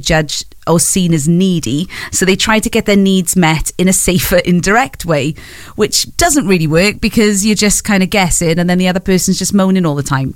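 A woman's voice: mid-range voice, no room sound. A woman presenting morning radio in a chatty, rambling way, laughing easily between asides. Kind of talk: breakfast radio chat. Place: radio studio. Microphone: studio microphone.

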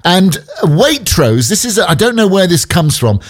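A man's voice: sits high, big pitch swings, moderate pace. A male radio presenter doing breezy, playful chat between songs on a morning show.

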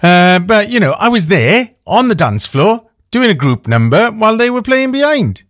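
A man chats away as a radio host, rambling through stories and musing aloud as he goes. His voice sits fairly high and swings widely in pitch, and it sounds close and dry, with no room around it. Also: sing-song, normal speed, a bit bright, dry recording. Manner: chatty, anecdotal, thinks aloud with fillers. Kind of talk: casual radio chat.

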